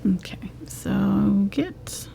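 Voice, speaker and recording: A woman teaching a live acrylic painting tutorial, talking in a soft, relaxed way and often dropping to a whisper. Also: mid-range voice, extremely slow, creaky. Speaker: painting instructor.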